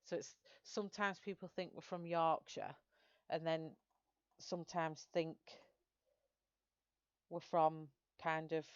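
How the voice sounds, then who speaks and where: A woman's voice: sits low, steady tone, takes it slowly, long pauses, clean tone, no room sound, highs cut off. A woman with a broad Lancashire accent from Greater Manchester, chatting casually on a livestream and answering viewers' comments. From Greater Manchester, England. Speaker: livestream host colouring.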